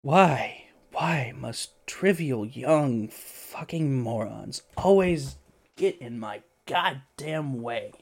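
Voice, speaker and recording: A man's voice: mid-range voice, expressive, drawn-out words, heavily acted. A man doing a furious, foul-mouthed hermit. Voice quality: gruff, swearing constantly. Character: huge surly hermit man guarding his cabin.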